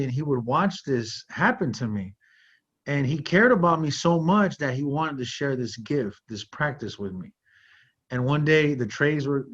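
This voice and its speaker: Earnest man telling a personal story. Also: medium pitch. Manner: earnest, with frequent "like" and "you know". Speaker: podcast host. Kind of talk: heartfelt conversational storytelling. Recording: slightly muffled audio.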